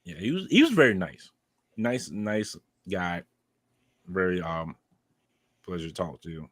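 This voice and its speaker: A deep, sing-song male voice, a little slow, on a dry recording. He's co-hosting a podcast and recapping a convention in casual chat, rambling with plenty of ums and laughing as he tells stories.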